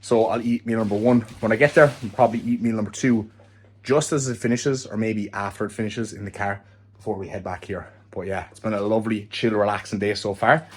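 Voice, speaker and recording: A man's voice: lowish voice, steady tone, brisk, breathy edge. Upbeat, chatty Irish man. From Ireland. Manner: upbeat, chatty, swears casually. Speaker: fitness coach and vlogger. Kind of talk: casual vlog chat. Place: car, home and outdoors.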